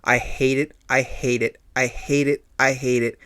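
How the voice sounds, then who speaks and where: A man's voice: medium pitch, little pitch movement, unhurried, a bit bright. A man hosting a podcast, telling a personal story in an earnest, confessional way, often repeating himself for emphasis. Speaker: podcast host.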